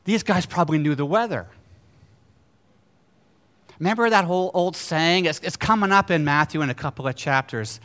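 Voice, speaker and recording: A pastor with a high, bright voice preaches a lively sermon at normal speed, leaving long pauses. He moves from booming exclamations to hushed storytelling and keeps putting rhetorical questions to his congregation.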